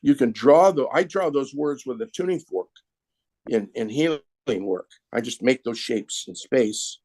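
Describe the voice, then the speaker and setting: A man in conversation, a sound healer explaining symbols slowly and patiently while demonstrating with his hands. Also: medium pitch, expressive, darkish tone, no echo. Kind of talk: conversational interview.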